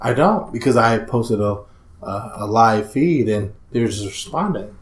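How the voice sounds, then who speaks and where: A man's voice: lowish voice, unhurried, reverberant. A man co-hosting a casual chat, telling stories animatedly, swearing and acting out other people's lines. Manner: animated storyteller, swears, acts out voices. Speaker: podcast co-host.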